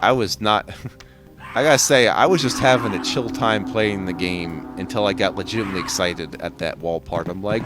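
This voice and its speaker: A man's voice: low voice, moderate pace, fairly bright tone. A man giving casual, jokey commentary while playing a video game, rambling and swearing freely. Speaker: let's play host. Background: game music.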